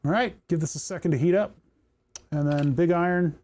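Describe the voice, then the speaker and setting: Mellow-voiced man soldering on a livestream. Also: on the high side, brisk. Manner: thinks aloud and talks to the parts he works on. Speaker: electronics livestreamer. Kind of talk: casual livestream commentary while soldering.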